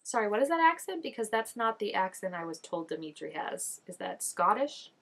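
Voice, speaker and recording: Brisk and sing-song, her mid-range voice has a slight brightness as a young woman vlogs her reactions. Her commentary is casual and chatty, loaded with "like," with gasps and exclamations as she watches.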